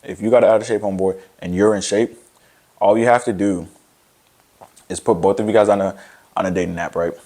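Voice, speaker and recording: A man's voice: fairly low pitch, steady tone, brisk, long pauses, mellow. A young man giving a blunt, profane motivational rant to camera about fitness, rambling with many restarts. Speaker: fitness content creator.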